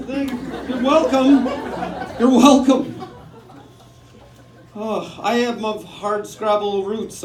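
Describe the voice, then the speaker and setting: A man's voice: high-pitched, echoey room, background noise. A man, doing a self-mocking, rambling stand-up set on a comedy club stage. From Canada. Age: 40s.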